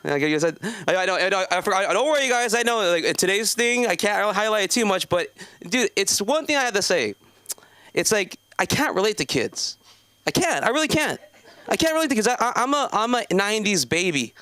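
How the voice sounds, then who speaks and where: A man in his thirties from South Los Angeles works an open mic stand-up set, meandering through his story with constant fillers and restarts. His pitch swings widely. The sound is smooth and dry, close on a handheld stage mic. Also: big pitch swings, brisk, sharp tone, no echo. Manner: rambling, many fillers and self-interruptions. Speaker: stand-up comedian. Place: comedy club stage.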